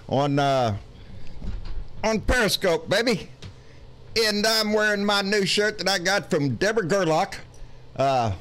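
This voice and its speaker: Folksy Texan man ranting live. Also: a little high. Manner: folksy, swearing, rambling with many fillers. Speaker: live-stream political show host. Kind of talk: casual political rant on a live stream.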